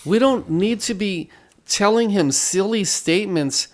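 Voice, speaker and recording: A man hosting a game video who preaches between moves, unhurried and repeating his phrases like a sermon. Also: sits high. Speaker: gaming channel host. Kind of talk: gameplay commentary mixed with preaching.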